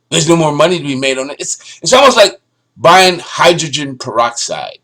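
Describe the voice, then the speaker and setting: A man giving sarcastic, ranting news commentary, often restarting his sentences. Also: medium pitch. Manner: sarcastic, ranting, animated delivery with stammered restarts. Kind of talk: opinionated solo commentary.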